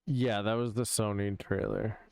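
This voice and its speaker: A man co-hosting a casual podcast chat, talking in a measured way and patiently explaining things. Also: on the low side, steady tone, vocal fry, darkish tone, no echo. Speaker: podcast co-host.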